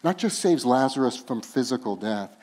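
A man preaching a sermon as pastor, moving from hushed, slow tender passages to loud, laughing, emphatic bursts. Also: mid-range voice, animated.

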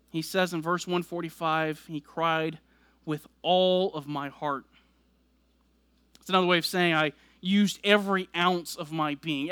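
A man's voice: a little high, a bit bright, dry recording. A man preaching a sermon, explaining scripture verse by verse and building emphasis as he goes. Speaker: pastor.

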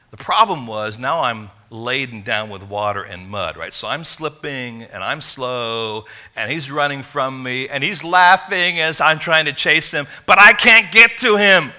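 A man from England, preaching a sermon in an animated, conversational storytelling way. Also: mid-range voice, measured pace. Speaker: pastor.

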